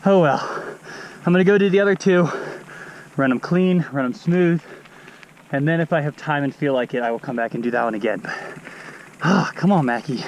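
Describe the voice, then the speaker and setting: A man's voice: fairly high pitch, slight background noise. A man vlogging between mountain bike race runs in casual, self-deprecating commentary, often laughing at himself, recorded outdoors at a race venue. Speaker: enduro mountain bike racer.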